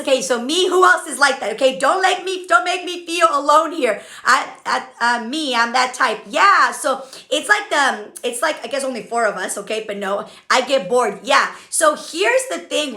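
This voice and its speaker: A woman's voice: sits high, expressive, moderate pace, pushed and bright. A woman hosting a casual motivational talk for a live chat, chatty and frank, often checking in with "okay?". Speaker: business coach hosting a live stream. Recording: echoey room.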